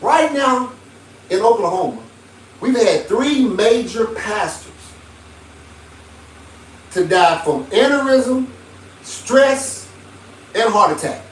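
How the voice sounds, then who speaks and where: Man, pastor on a livestream, high-pitched, emphatic preachy rant, echoey room, off-mic. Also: animated, slow, long pauses, distant mic, slight background noise. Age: 50s. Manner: emphatic, preachy, shifting between shouting and low muttering.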